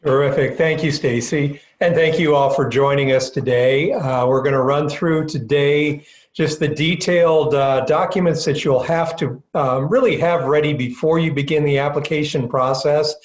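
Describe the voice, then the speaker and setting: A man's voice: fairly high pitch, steady tone, normal speed. A man presenting a county grant webinar as its director, talking loosely with many uh's and um's. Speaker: county economic development director. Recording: roomy echo.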